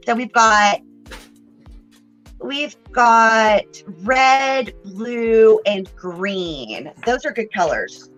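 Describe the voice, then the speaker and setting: A woman's voice: fairly high pitch, animated, drawn-out words, fairly bright tone. A woman with a Texan accent hosting a casual livestream reading, chatty and greeting viewers by name. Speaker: host and card reader. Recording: dull lo-fi livestream audio with faint music.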